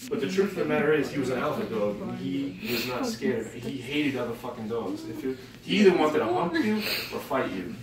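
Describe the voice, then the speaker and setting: A man's voice: medium pitch, sing-song, a little fast, few pauses, distant mic. A man telling rambling, profanity-filled, laughing stories about his dog to a group. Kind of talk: casual storytelling tribute. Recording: very echoey, off-mic, crowd behind.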